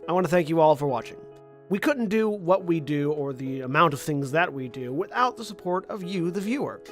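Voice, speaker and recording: A man, the show's executive producer, reading friendly announcements and thanks to supporters before the stream. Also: high-pitched. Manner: friendly, promotional. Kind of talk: scripted announcement.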